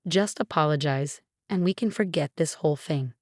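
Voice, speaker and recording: A protective middle-aged mother pleads and scolds in a spoken story, read out by a woman. Her voice sits a bit low and sounds close and dry. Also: moderate pace, a little mellow, no echo. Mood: reproachful. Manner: pleading, reproachful.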